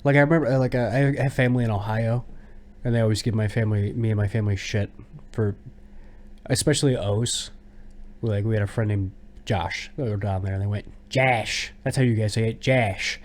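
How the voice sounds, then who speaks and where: A man's voice: lowish voice, fairly even intonation, quick pace, a little mellow. An American man co-hosting a casual podcast, musing in a self-deprecating, conversational way. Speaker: podcast co-host.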